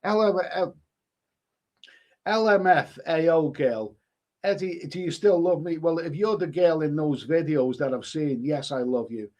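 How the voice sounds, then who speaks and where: A man's voice: fairly high pitch, measured pace, a little mellow. Blunt, sniffly man chatting with viewers. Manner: blunt and crude, swears freely, stammers and repeats himself. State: sniffling with hay fever. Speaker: YouTube host reading live chat. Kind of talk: casual live-stream chat.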